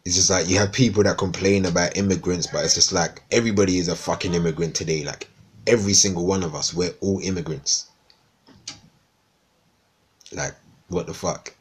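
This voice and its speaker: Husky low-voiced Cockney man. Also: fairly even intonation, fairly quick, pauses often. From East London, England. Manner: rambling, swearing, slangy. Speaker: live streamer. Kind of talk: casual live-stream chat.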